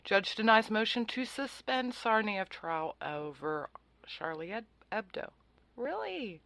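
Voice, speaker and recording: A woman's voice: mid-range voice, expressive, measured pace, fairly bright tone, no room sound. Sarcastic woman talk radio host, dry sound. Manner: sarcastic, facetious; opinionated, conversational. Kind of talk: political talk radio monologue.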